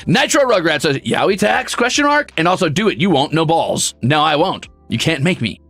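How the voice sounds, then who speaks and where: A man's voice: on the high side, lively intonation, fairly quick, a bit bright, no echo, faint music behind. A man streaming, reading viewer messages in casual chat with a brash, sarcastic, mock-grumpy way of talking.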